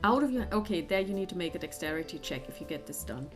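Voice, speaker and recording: A woman's voice: lowish voice, expressive, quick pace, over music. A woman narrating a tabletop horror game as game master, friendly and hesitant, with many fillers.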